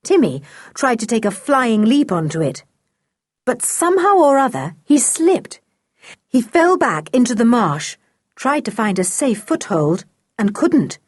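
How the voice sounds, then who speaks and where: A woman narrating a children's audiobook with an expressive reading. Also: fairly high pitch, measured pace, no echo, clean studio sound. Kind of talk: storybook narration.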